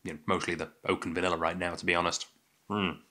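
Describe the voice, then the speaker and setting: A man's voice: low-pitched, little pitch movement, fast talker, pushed and bright. A young man with an English accent hosting a casual whisky tasting, chatty and self-deprecating with many fillers. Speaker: whisky podcast host.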